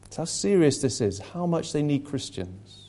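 A man's voice: on the high side, sing-song, normal speed, dark tone. A man preaching a sermon, earnest and emphatic, reading questions aloud to his congregation.

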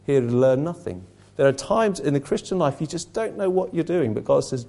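A man's voice: on the high side, big pitch swings, a little fast, vocal fry, mellow. A man preaching a conversational sermon to a small group, earnest, repeating words as he restarts his sentences.

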